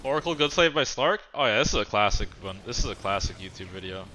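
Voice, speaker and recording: A young man streaming, chatting casually in an animated, slangy way. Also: on the low side, fast talker, slight background noise.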